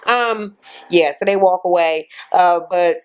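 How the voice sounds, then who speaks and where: A woman's voice: fairly low pitch, measured pace, clean tone. A woman vlogger recapping a reality TV episode in a casual rant. She is blunt, profane and sarcastic. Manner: sarcastic commentary.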